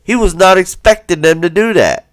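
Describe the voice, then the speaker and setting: A man's voice: high-pitched, moderate pace, no room sound. A man hosting a livestream and commenting casually on video footage, swearing and firing rhetorical questions at viewers. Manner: profane, keeps asking the viewer rhetorical questions; acts out the people in the footage in quoted voices. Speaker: livestream host.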